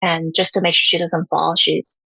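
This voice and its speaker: A woman's voice: deep voice, level tone, normal speed, creaky, bright, forceful tone, husky, no echo, poor audio. A woman who is a parent, talking candidly and earnestly about her home life in an interview, acting out what her children say. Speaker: parent guest.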